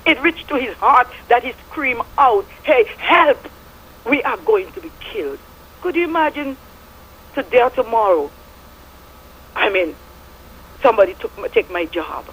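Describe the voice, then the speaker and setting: Calling in to a radio show, this middle-aged woman speaks with a Statian Caribbean English accent and delivers impassioned, preachy testimony laced with biblical references. Her voice is a little high with a breathy edge, and the audio is poor.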